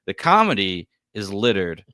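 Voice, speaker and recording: A man co-hosting a casual TV podcast, relaxed and rambling, with many fillers. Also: fairly low pitch, normal speed, no room sound. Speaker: podcast co-host.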